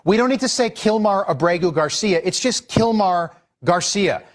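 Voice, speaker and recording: A man's voice: high voice, expressive, normal speed. A man giving exasperated opinion commentary as a news commentator. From Irish heritage. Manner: exasperated, scolding.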